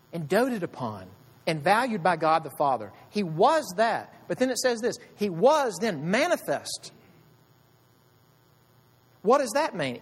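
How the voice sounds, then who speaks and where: A man preaching a sermon, asking his listeners rhetorical questions in a conversational way. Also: high voice. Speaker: pastor. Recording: long hall reverb.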